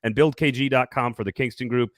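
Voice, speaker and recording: With a medium-pitched voice and fairly even intonation, a man speaks fast as he hosts a casual sports talk podcast. He's upbeat and jokey, laughs a lot, and does sponsor reads, all on clean studio audio with no echo.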